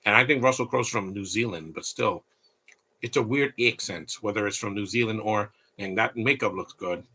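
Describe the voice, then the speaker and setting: Blunt, bright-voiced male movie commentator. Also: fairly low pitch, normal speed, breathy edge. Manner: rambling, opinionated, blunt asides. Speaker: live movie commentary host. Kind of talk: casual live movie commentary.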